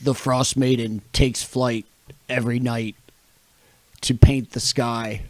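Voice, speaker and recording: A man voicing a solemn winter spirit in a slow, quiet, halting way. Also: mid-range voice, level tone, no echo, natural voice.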